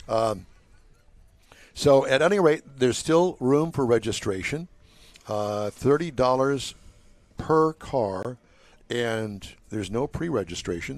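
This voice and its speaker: A man's voice: mid-range voice, no room sound. A man in his sixties hosting a casual live show at an outdoor car show, joking and rambling between announcements. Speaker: show host.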